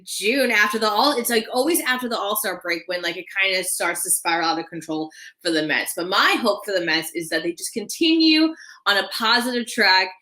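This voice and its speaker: A woman's voice: mid-range voice, lively intonation, fairly quick, pushed and bright. A woman chatting casually as a guest, talking in a loose, chatty way with plenty of "I feel like" and "like.". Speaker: guest, former cheerleader and lifelong fan. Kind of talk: casual chat.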